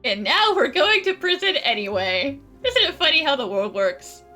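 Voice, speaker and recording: Bright-voiced woman joking through a game. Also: high-pitched, very animated, normal speed. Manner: jokey, laughs often, mock-dramatic. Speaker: gaming streamer. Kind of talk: casual game commentary. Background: game music.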